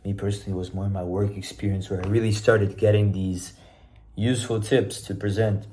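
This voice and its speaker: Young man, deep voice, dark mellow timbre, relaxed conversational manner, self-recorded to camera. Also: moderate pace. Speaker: presenter giving speaking tips. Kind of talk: casual self-recorded tips video.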